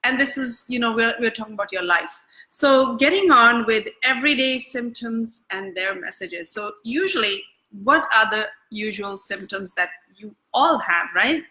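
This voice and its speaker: A woman coach talks straight to the camera in a loose, chatty teaching style, often restarting her sentences and leaning on fillers. Her voice sits a little high and sounds bright. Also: animated, moderate pace, rough recording. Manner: conversational, many fillers and restarts. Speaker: EFT coach. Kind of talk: casual talk-to-camera teaching. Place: Bangkok.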